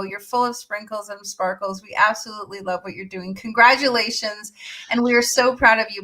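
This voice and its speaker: Woman host, effusive and upbeat; voice bright and a touch high. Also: poor audio. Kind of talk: enthusiastic promotional interview talk.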